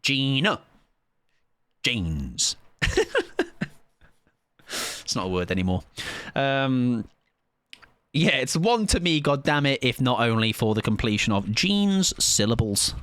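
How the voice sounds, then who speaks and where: A man's voice: mid-range voice, very animated, slow pace, pauses often, a bit bright, smooth, no room sound. Guy late 20s streaming, playful, argues with chat, voice bouncing all over, keeps repeating words. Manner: playful, argumentative, repeats words to test them. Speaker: game streamer. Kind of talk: casual live-stream chat.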